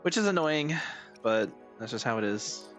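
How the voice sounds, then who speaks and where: A man with a rough, hoarse voice giving casual gameplay commentary as a streamer, rambling, thinking out loud and swearing a lot. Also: mid-range voice, lively intonation, moderate pace, soft background music. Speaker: game streamer.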